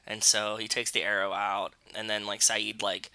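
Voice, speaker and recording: A man co-hosting a podcast, casually retelling a TV episode and slipping into quick mocking voices for the characters. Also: on the low side, level tone, vocal fry, bright, forceful tone, no echo. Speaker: podcast co-host. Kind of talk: casual chat.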